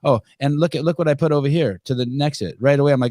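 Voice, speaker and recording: A man's voice: medium pitch, fast talker, warm tone, no echo, clean studio sound. A man in his fifties hosting a podcast, talking in a profane, rambling way with many restarts. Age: 50s. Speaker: podcast host. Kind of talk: casual chat.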